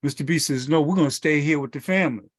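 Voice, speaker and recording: A man's voice: on the high side, fast. A man on a video call telling a story vividly, acting out the lines he quotes. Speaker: guest sharing memories.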